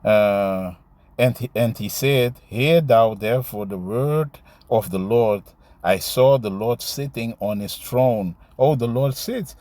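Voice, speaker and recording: A man teaching scripture in a loose, conversational way, stumbling through fillers as he hunts for verses. He keeps tagging his points with "man" and "you see". His voice sits at a middling pitch, recorded dry and close with no room echo. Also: darkish tone. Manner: halting, with many fillers and restarts while finding verses. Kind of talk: casual scripture teaching, reading verses aloud.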